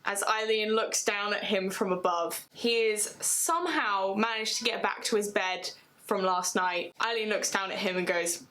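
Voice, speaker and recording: A woman casually retelling a fan story, chatty and animated, swearing freely as she goes. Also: medium pitch, moderate pace, low-quality recording.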